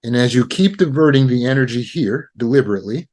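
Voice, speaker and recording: A man's voice: medium pitch, expressive, quick pace, darkish tone. Man teaching a self-help lesson. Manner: repetitive, instructive, walks through steps. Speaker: trauma recovery teacher.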